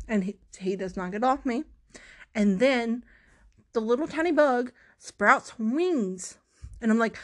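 A woman's voice: fairly high pitch, a little slow, pauses often. Young woman vlogging, goofy dramatic storytelling, keeps restarting and poking fun at herself. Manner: self-mocking, dramatic, rambling with restarts. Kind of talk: casual storytelling to camera.

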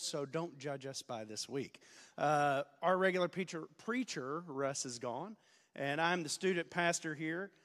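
A man in his forties preaches a sermon in a church sanctuary, his fairly high voice carried by a long reverb. He jokes at his own expense, tells stories, and sometimes slips into a loud preacher voice. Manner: self-deprecating, joking, storytelling, bursts of loud preaching. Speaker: student pastor, guest preacher. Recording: long reverb of a large hall.

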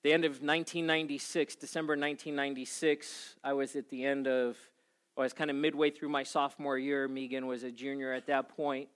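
A man in his forties preaching a sermon to a congregation, telling a personal story with animated swings in energy. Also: medium pitch, fairly quick, clear, resonant tone. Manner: animated storytelling, acting out his own panic. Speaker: pastor.

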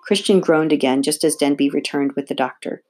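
A woman reads a children's novel aloud in a low voice, steady and expressive. Her narration is calm and clear, the tone of a read-aloud storybook. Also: brisk. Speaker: audiobook reader.

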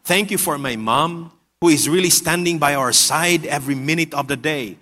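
Man voicing a little boy at prayer, high and bright, hall echo. Whispery thanks, loud pleas. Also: brisk. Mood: soft grateful. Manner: soft whispery prayer, then shouting pleas. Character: young boy praying for a game console. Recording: long hall reverb.

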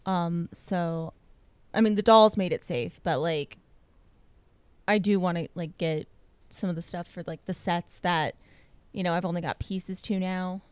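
A woman's voice: lowish voice, fairly even intonation, a little slow, clear, resonant tone, dry recording. A young woman co-hosting a podcast, chatting casually and rambling with many fillers. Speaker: podcast co-host. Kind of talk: casual chat.

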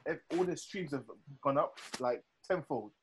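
A young man in a casual chat, excitable, laughing and stumbling over his words. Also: on the high side, normal speed. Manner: excitable, laughs often, stammers.

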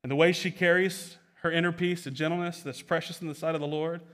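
A young male pastor delivering a sermon with a fairly high voice. He presses his points with repeated phrases and quick restarts, building emphasis as he goes. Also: fairly even intonation, a bit bright.

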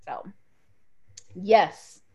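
A woman co-hosting a podcast, casually and emotionally retelling favorite moments with lots of fillers. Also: very slow. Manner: animated, emotional storytelling with fillers. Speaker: podcast co-host. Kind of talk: casual chat. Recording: muffled lo-fi audio.

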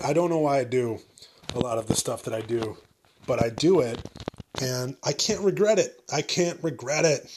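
A man's voice: mid-range voice, a little hiss or hum. A man in his late twenties hosting a solo podcast, rambling casually, self-deprecating and swearing freely. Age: 20s. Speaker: podcast host.

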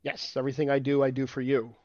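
A man's voice: mid-range voice, monotone, fast, a little mellow, no echo. A man co-hosting a casual geek news podcast, reading out rankings and joking with his co-host. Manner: jokey, reads out rankings and news items. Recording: dull lo-fi sound.

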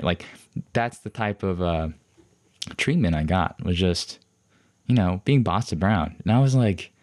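A man's voice: deep voice, a little slow, long pauses, darkish tone. A young man hosting a podcast, rambling through a personal story with many fillers and restarts, frustrated and defensive. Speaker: podcast host.

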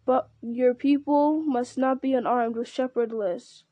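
Rebuking old wizard, read by a woman, mellow, slightly high voice. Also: steady tone, a little slow, no room sound, dull audio. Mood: stern. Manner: piercing, rebuking. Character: stern old male wizard.

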